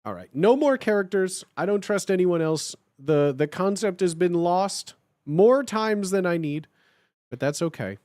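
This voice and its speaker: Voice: medium pitch, lively intonation, unhurried, a little mellow, dry recording, studio quality. Reassuring, repetitive livestreamer in casual chat. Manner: reassuring, repeats itself, blunt and joking.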